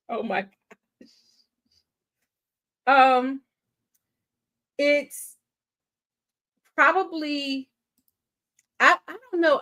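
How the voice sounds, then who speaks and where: A woman's voice: sits high, a bit bright. A woman hosting a movie watch-party live stream, chatting casually and effusively and laughing often.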